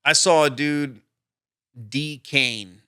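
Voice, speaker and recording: A man's voice: fairly high pitch, steady tone, slow, sharp tone, clear, resonant tone, no room sound, clean studio sound. A man co-hosting a podcast, telling stories in a loose casual chat full of fillers and trailing asides. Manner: rambling, filler-heavy storytelling. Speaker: podcast co-host.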